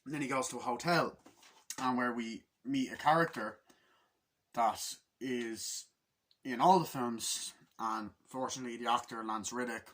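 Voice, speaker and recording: A man's voice: medium pitch, normal speed, a bit bright. A man giving a casual, rambling movie review, swearing constantly and acting out scenes in quoted voices.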